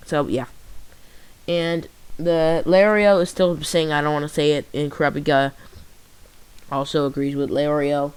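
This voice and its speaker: A man casually retelling a fan story, rambling and halting, full of fillers and restarts. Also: a little high, fairly even intonation, darkish tone, smooth, poor audio. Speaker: channel host.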